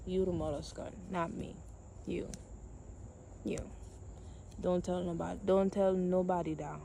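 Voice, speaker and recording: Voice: medium pitch, flat delivery, a little slow, gravelly, dark tone, slight background noise. A speaker in a comedy sketch, talking in a confrontational, mock-scolding way.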